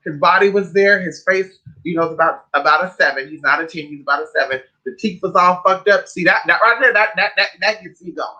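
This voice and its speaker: A woman's voice: lowish voice, fairly quick, few pauses, bright, forceful tone, rough recording. A woman hosting a casual livestream, ranting in a sassy, profane, rambling way while eating. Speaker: livestream host.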